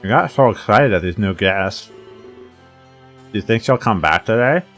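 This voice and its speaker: A man's voice: lowish voice, lively intonation, measured pace, a bit bright, soft background music. A man voicing a shy, nervous young male rabbit who speaks in a hesitant way. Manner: timid and hesitant.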